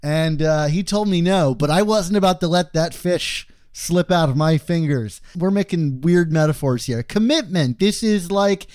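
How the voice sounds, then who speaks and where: A man's voice: fairly high pitch, moderate pace, few pauses, a little mellow, no echo, studio quality. A man co-hosting a podcast, chatting casually with a playful, self-mocking sense of humor. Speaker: podcast co-host. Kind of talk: casual comic book podcast chat.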